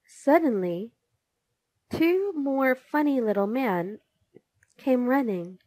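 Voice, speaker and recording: A woman narrating a children's storybook in an expressive reading. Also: high voice, dry recording. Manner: slow, expressive.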